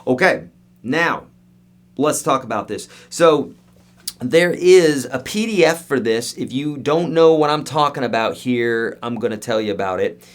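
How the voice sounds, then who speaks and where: A man's voice: medium pitch, animated, a little slow. A man teaching guitar in a live-streamed online lesson, talking emphatically and straight to his viewers. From United States.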